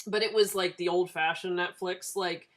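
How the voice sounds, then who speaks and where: A woman's voice: fairly low pitch, steady tone, normal speed. A woman in her thirties chatting casually to a camera for her video diary, rambling from topic to topic and laughing often. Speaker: vlogger. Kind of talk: casual chat.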